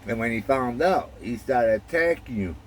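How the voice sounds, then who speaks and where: A man's voice: mid-range voice, expressive, moderate pace, slight background noise. A man in his sixties, originally from Chicago, bluntly recounting events and acting out his own quoted lines. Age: 60s. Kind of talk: casual storytelling.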